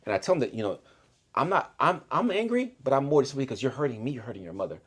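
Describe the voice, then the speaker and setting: Fast, lively father telling family stories. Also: medium pitch, breathy edge. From the islands. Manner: animated storyteller acting out his kids. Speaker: single father guest. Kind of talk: casual podcast conversation.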